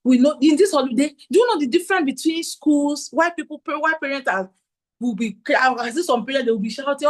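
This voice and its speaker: Animated woman giving a parenting talk. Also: high voice, a little fast, poor audio. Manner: animated, acts out quotes, asks audience questions. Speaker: parenting conference speaker. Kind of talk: conference talk with slides.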